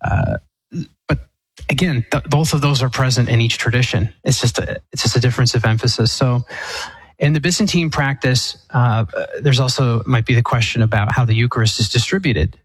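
A man, an Eastern Catholic priest, explaining theology on a call-in show in a measured, thoughtful way with fillers and restarts. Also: mid-range voice, husky, dry recording, low-quality recording.

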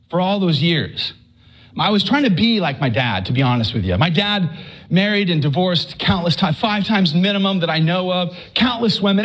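A man's voice: high-pitched, breathy edge. A middle-aged man from Texas giving a faith testimony to an audience, telling his story with acted-out quotes and stammers.

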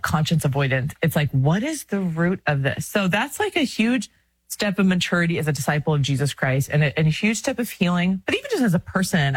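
A woman's voice: lowish voice, husky, dry recording. A woman in her thirties co-hosting a casual faith talk, earnest and chatty, often breaking into laughs. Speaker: podcast co-host.

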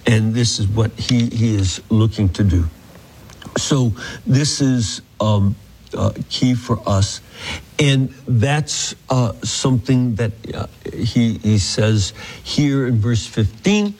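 A man teaching a Bible passage, reading verses slowly and then explaining them earnestly. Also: mid-range voice, animated, darkish tone, slightly rough, poor audio. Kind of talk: scripture teaching.

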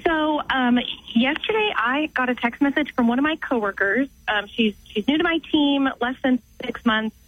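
A woman's voice: high-pitched, normal speed, no echo. A cheerful young woman calling in to a radio show and asking for advice. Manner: upbeat, friendly. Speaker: caller. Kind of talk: phone call to a radio show. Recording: dull phone line.

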